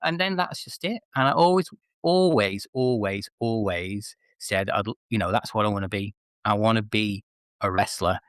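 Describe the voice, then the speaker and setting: A man's voice: lowish voice, normal speed, a bit bright, no room sound, studio quality. A man in his forties from northwest England, a chatty, self-mocking guest telling stories in a casual interview. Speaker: interview guest, former wrestler.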